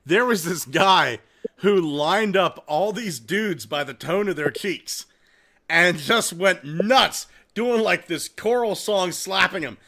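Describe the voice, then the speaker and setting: Guy hosting a podcast, rambly and excitable, pretty high bright voice, curses a lot. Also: slow pace. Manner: excitable rambling storyteller, swears freely. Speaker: podcast host. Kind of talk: casual comedic podcast banter.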